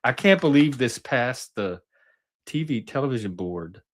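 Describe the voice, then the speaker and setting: Speaking at a measured pace with a medium, animated voice, a middle-aged man on his own channel rambles through memories. He talks casually and keeps interrupting himself before finishing his thoughts.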